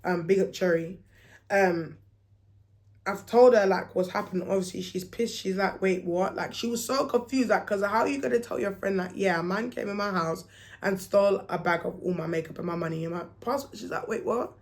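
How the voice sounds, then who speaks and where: A woman's voice: medium pitch, fairly quick. A young woman, telling a personal story in a casual vlog and acting out what people said. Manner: animated, acts out quoted dialogue, slangy.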